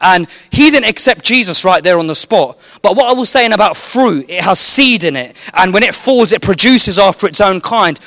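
A man's voice: sits high, animated, normal speed, few pauses, bright, forceful tone, dry recording. A man, a street evangelist giving a fervent, rambling personal testimony full of fillers.

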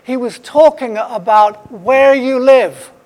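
A man's voice: very high voice, takes it slowly, a little mellow. A man preaching a sermon, emphatic and repeating his key phrases for weight. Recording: long hall reverb.

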